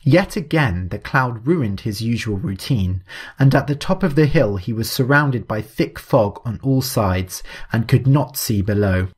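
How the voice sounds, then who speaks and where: A man reads a spooky story aloud in a measured, even style. His voice sits at a medium pitch and his pacing stays steady throughout. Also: slightly rough. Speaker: narrator. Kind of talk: scripted story narration.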